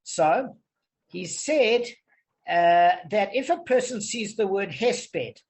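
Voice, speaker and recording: A man's voice: high voice, expressive, slow. Male study leader, patient and digressive, call audio. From South Africa. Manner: patient, digressive explaining, often checks understanding. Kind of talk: online group Talmud lesson.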